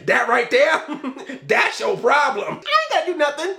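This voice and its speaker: Guy with a high voice doing a laughy movie review rant, super animated. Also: unhurried, creaky. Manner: animated, laughs often, acts out scenes in quoted voices.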